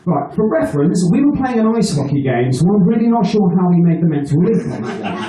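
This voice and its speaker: A man's voice: high voice, sing-song, fast, dark tone. A man doing a stand-up set, telling a rambling, crude story, swearing often and laughing at his own jokes. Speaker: stand-up comedian. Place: live venue with an audience. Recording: echoey room, mic heard from a distance.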